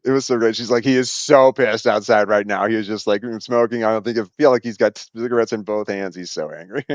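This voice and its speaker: A man's voice: lowish voice, brisk, no echo, muffled recording. A man telling a workplace story in a casual monologue, swearing freely, laughing often and acting out the voices of the people in it.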